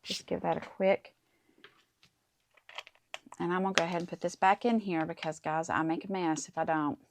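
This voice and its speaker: Woman, middle-aged, slightly low voice, chatty crafting host, talks to viewers while working. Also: steady tone, normal speed, noisy background. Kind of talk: casual crafting tutorial. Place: home craft desk.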